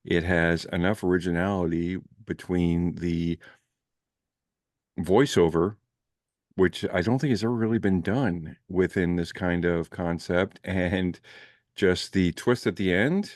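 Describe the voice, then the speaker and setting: A man's voice: low voice, a little slow, darkish tone, no echo, clean studio sound. A man from Canada, a guest on a casual movie review chat, talking in playful, enthusiastic bursts.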